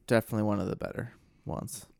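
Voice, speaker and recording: A man with a lowish, gravelly voice joins a relaxed podcast chat. He sounds smooth and clear. The recording is dry and close. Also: fast, no echo. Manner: easygoing, reads aloud, agrees a lot. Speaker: podcast co-host. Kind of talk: casual chat.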